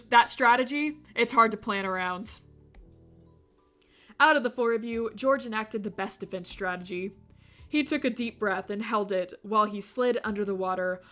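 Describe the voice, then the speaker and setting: A woman streamer reading a visual novel aloud, breaking off for animated, jokey commentary. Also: mid-range voice. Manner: animated, jokey asides with laughter.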